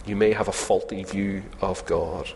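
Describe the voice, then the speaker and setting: Preacher in a reverberant hall. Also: male voice, sits low, steady tone, normal speed, a little mellow, a little hiss or hum. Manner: conversational, humorous, asks the congregation questions. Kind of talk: sermon.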